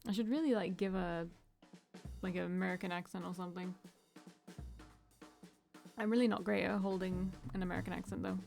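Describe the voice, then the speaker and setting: A woman's voice: lowish voice, steady tone, fairly quick, vocal fry, pauses often, darkish tone, faint music behind. A woman giving chatty, casual commentary as she reads through a visual novel, swearing freely and laughing at herself. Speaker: let's play streamer.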